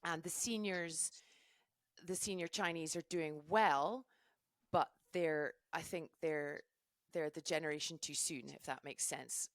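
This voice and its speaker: A middle-aged woman, a ski mountaineering race commentator, chatting as a podcast guest in a gushing, animated way with many restarts. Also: low voice, a little slow, dry recording. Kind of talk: casual podcast chat.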